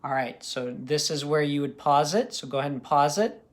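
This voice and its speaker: A man teaching a recorded phonics lesson for young students. He sounds out letters and words carefully and keeps checking in with a patient "okay?". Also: on the high side. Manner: slow, patient, ends most sentences with a checking "okay?".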